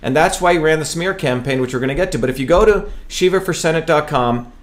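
A man's voice: on the high side, fast. A man from India running for office, speaking emphatically to camera and often stumbling on and repeating his words. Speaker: political candidate hosting a web show. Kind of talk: campaign talk to camera.

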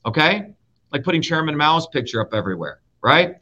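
Raised in India, this male show host and guest speaker rants about politics with profanity and emphasis, driving key words home again and again. His pitch is fairly high, very animated, fairly quick, pushed and bright, and the audio sounds dull and slightly lo-fi.

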